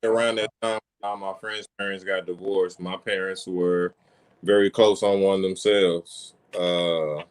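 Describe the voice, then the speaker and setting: A man's voice: low voice, level tone, a little slow, clear, resonant tone. A man in a casual podcast chat, talking thoughtfully and reflectively about family as a father. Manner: thoughtful, reflective, with frequent restarts. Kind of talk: casual conversation.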